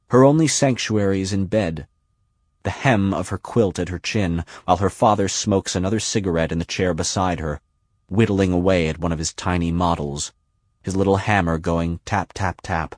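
A man reading scripted literary narration in a measured, unhurried, deliberate way. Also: deep voice, a little mellow, no echo, clean studio sound. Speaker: audiobook narrator.

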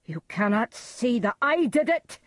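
A woman's voice: fairly low pitch, a little slow, husky, dry recording, studio quality. A woman voicing a tormented, haunted king who cries out frantically, in a storybook reading. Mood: frantic. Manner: frantic, crying out.

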